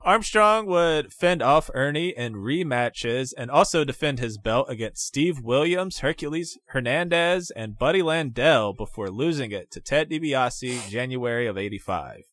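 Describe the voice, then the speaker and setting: A man's voice: mid-range voice, animated, measured pace, few pauses, a bit bright, no room sound. Man narrating, dry close sound. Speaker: podcast co-host and narrator. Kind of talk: casual chat and read narration.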